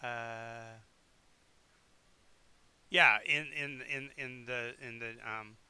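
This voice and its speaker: Bright, clear-voiced man running a tabletop game. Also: mid-range voice, fairly even intonation. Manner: halting, with many restarts and fillers while checking the map. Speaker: game master. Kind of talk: narrating a tabletop game over a live stream.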